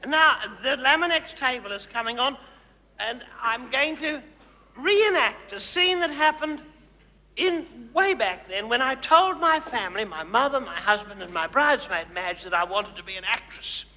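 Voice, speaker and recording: A man's voice: very high-pitched, animated, normal speed, pushed and bright, heavily acted. A man playing a gushing housewife diva. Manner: theatrical, condescending, gushing endearments. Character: flamboyant gushing suburban housewife turned megastar, woman. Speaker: host directing audience volunteers. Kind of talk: comedy stage show. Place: large hall. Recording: reverberant hall with audience.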